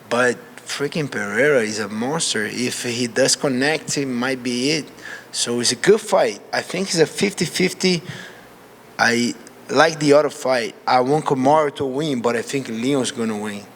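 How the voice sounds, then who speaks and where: A man's voice: medium pitch, a little hiss or hum. A man from Brazil with a Brazilian Portuguese accent, a fighter answering press questions and acting out his own reactions. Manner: animated, acts out his own reactions in quotes.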